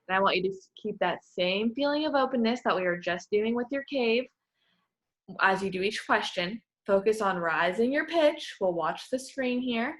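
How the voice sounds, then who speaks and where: A woman's voice: medium pitch, fairly bright tone. A woman working as a voice clinician, giving patient, encouraging step-by-step instructions in a therapy session.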